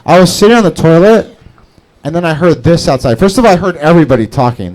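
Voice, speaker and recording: A man doing a rambling, profane stand-up set on an open-mic stage, jumping into a squeaky high voice for scared bits. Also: fast talker, darkish tone. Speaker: stand-up comedian. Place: comedy club stage before a live audience.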